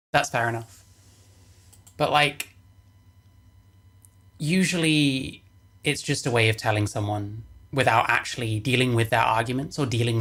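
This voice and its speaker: A woman's voice: a bass voice, a bit bright. A woman reacting to a video on stream, sarcastic, swearing and dismissive in casual commentary.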